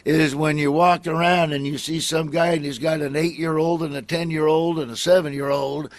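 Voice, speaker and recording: A man's voice: a little high, level tone, moderate pace, dry recording. A middle-aged man from Nebraska, a comedian telling rambling stories in a casual interview, acting out other people as he goes.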